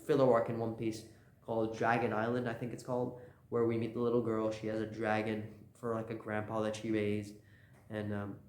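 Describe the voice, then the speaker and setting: A man's voice: lowish voice, completely flat delivery, a little fast, darkish tone, slight background noise. Rambling casual male recapper. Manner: loose, rambling, lots of fillers and laughs. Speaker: channel host. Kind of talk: casual manga chapter recap. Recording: roomy echo.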